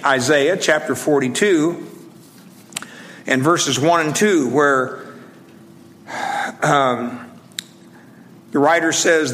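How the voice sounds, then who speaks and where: Delivering his sermon in a fairly bright voice on the high side, this preacher speaks conversationally and haltingly. He frequently pauses and restarts, and he slows to emphasize phrases from scripture.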